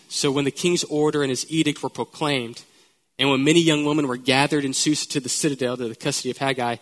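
A man preaching a sermon in church, moving from playful, animated asides to slow, earnest points. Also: mid-range voice. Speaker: pastor.

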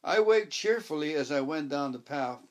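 A man narrating a first-person story as an audiobook, wry and measured, voicing his own dialogue. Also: on the high side, animated, lo-fi sound.

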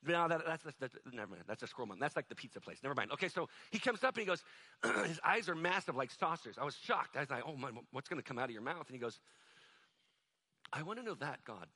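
A man preaching in a loose, conversational way, joking with his listeners and acting out the voices in his story. His voice sits a little high and sounds bright and forceful. He keeps the sermon casual and story-driven. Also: big pitch swings, fast, breathy edge. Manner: conversational, jokey, acts out quoted voices. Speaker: pastor.

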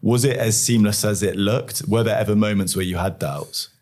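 A man with a deep, low voice hosts an interview. He asks questions conversationally and in a friendly way. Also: moderate pace, darkish tone.

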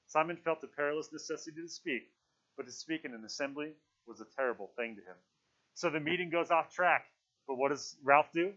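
A man reading a novel aloud, lo-fi. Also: on the high side. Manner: casual asides, lively read-aloud. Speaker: teacher. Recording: dull lo-fi recording.

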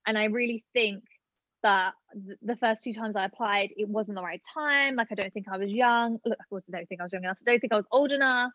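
A woman's voice: mid-range voice, brisk, fairly bright tone, no room sound, dull audio. A woman in her late twenties, telling a personal story in casual chat with lots of fillers. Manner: chatty storytelling, many fillers. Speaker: guest.

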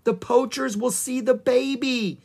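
A reader voicing a brave, excitable young girl in a children's audiobook, with urgent, high-pitched cries. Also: a little slow, breathy edge. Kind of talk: audiobook character voice.

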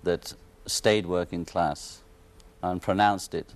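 A man's voice: low voice, fairly even intonation, takes it slowly. A man from Liverpool with a Liverpool accent, a guest on a television talk show, chatting in a wry, joking way and laughing often. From Liverpool, England. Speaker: guest musician. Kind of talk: casual talk show chat. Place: television studio set.

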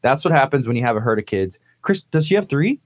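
A man's voice: medium pitch, sing-song, fast talker, no echo. A young man hosting a radio morning show in a studio, joking and teasing his guests and laughing often. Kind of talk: casual studio banter.

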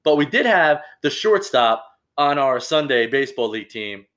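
A man's voice: medium pitch, very animated, moderate pace, a bit bright. A man in his forties, a podcast co-host telling rambling, profane stories in casual chat. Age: 40s. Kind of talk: casual crude comedy chat.

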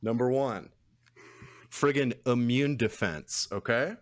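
A man's voice: medium pitch, slow. A young man chatting casually as a podcast co-host, rambling, swearing freely and laughing often. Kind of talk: casual chat.

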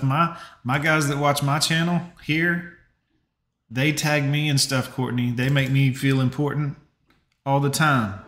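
A man's voice: mid-range voice, a bit bright. A man hosting a casual live reaction stream, chatting with viewers and giving blunt advice. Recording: roomy echo.

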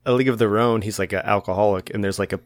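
A man co-hosting a podcast, chatting casually, chiming in quickly and laughing often. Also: lowish voice, steady tone. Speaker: podcast co-host. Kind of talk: casual chat.

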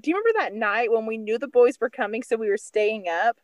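A young woman with a fairly high, very expressive voice, recorded dry and close. She rushes through shared memories with excited laughter. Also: no room sound. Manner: excitable, quick recollections. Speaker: podcast co-host. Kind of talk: casual chat among friends.

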